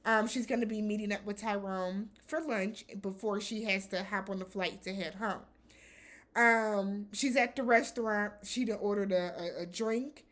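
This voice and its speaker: A woman hosting a casual reality TV recap, talking in a blunt, animated way with some swearing. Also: medium pitch, moderate pace.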